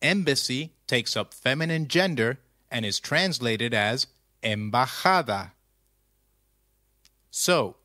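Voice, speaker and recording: Male teacher, slow and bright, dry close-mic narration, patient quiz-style delivery. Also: mid-range voice, lively intonation, dry recording. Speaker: language teacher. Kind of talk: scripted lesson narration.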